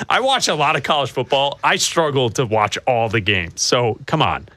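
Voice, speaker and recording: A man's voice: medium pitch, animated, sharp tone, no echo. A man co-hosting a sports talk show, joking and laughing with his partner and reading out news updates. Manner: laughs often, reads news updates briskly. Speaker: sports radio co-host. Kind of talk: casual sports talk banter.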